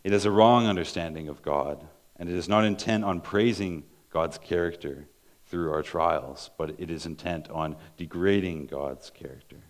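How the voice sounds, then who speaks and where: Give me a low-voiced man preaching a sermon. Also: normal speed. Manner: earnest, restarts words, reads scripture aloud.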